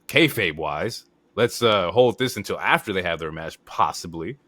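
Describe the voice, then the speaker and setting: A man's voice: low voice, moderate pace, no echo. A man co-hosting a casual wrestling podcast, giving blunt, profanity-laced opinions with lots of "like" and "um". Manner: profane, animated opinions with frequent fillers. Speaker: podcast co-host. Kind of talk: casual wrestling recap chat.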